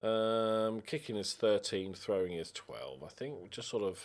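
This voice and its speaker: A man's voice: on the low side, a little slow. A young man giving casual commentary while playing a football management game, talking to his players on screen. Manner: animated, talks to the players on screen, yelps in frustration. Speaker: gaming YouTuber. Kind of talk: casual let's-play commentary.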